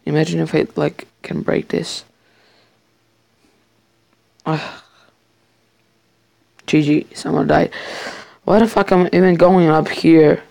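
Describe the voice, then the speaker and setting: A man giving casual commentary over a survival game match from his bedroom, excitable, swearing and jokingly boasting. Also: on the high side, slow, vocal fry, long pauses, no room sound. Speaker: gamer playing a survival match.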